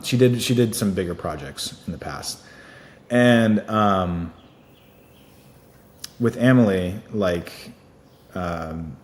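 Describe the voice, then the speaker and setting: A man, an actor being interviewed, chatting casually with many fillers and easy laughs. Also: deep voice. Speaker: actor guest. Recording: echoey room with faint noise.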